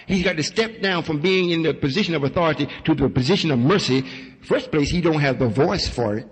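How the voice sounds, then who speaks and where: Husky preaching man with hall reverb. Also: a little high. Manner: folksy preaching, acts out voices. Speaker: religious teacher. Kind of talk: sermon-style teaching with questions.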